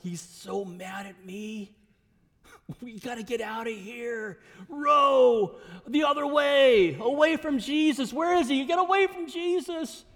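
Ashamed, frantic fisherman disciple, put on by a man preaching; lively high voice, echoey hall. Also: unhurried. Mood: panicky.

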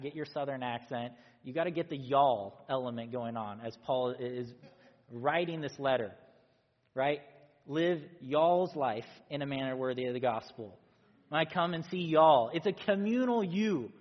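A young man preaching a sermon as pastor, in a casual, conversational way with fillers and quick self-corrections. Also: mid-range voice. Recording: dull sound with long hall reverb.

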